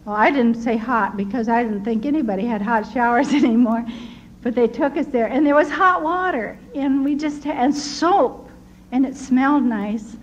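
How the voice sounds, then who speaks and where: An older woman giving her personal testimony as a story, quoting the people she met and laughing softly now and then. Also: a little high, moderate pace. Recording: dull lo-fi recording with faint hiss.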